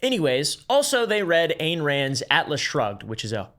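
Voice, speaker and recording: A man's voice: on the high side, wildly swooping pitch, normal speed. Sarcastic man narrating over faint music. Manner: sarcastic, crude joking asides. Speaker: YouTube host. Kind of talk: casual explainer narration.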